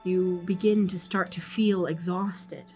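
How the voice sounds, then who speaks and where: A woman narrating a folk horror tabletop game as dungeon master, describing scenes calmly. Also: fairly low pitch, slow, soft background music.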